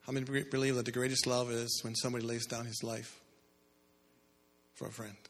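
A man's voice: medium pitch, little pitch movement, a little fast. A male preacher giving a sermon, asking the congregation questions and building in bursts, heard in a church hall. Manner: asks the crowd "how many" questions, builds in bursts. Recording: echoey hall.

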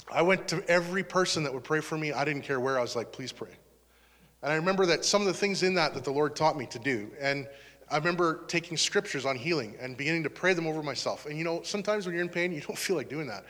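A man's voice: a little high, expressive, quick pace, fairly bright tone. Earnest man preaching in an echoing hall. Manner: earnest, conversational, turns emotional. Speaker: pastor. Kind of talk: testimony sermon. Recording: long hall reverb.

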